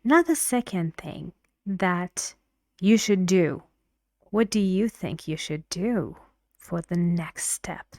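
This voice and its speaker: Female pronunciation teacher, very slow, encouraging, dry close-mic delivery with half-whispered asides. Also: lowish voice, expressive, a little mellow, no echo. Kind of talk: online pronunciation lesson.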